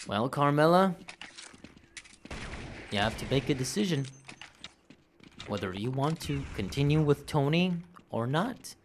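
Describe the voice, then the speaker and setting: Man as soft-spoken priest, measured, faint hiss behind. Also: mid-range voice, animated, lightly acted. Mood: soothing. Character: calm male priest hearing confession.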